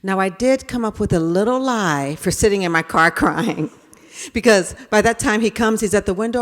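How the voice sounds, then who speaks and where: A woman speaker giving a talk, telling a personal story with animated voices for herself and others. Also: mid-range voice, a little fast. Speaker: keynote speaker. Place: large hall. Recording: reverberant hall.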